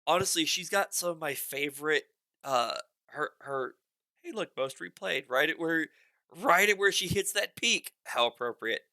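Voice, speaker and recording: Excitable man, lively animated voice. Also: on the high side, normal speed, no room sound. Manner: excitable and rambling, with many restarts and bursts of enthusiasm. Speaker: music reaction channel host. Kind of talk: casual reaction commentary. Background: faint music from the song being reacted to.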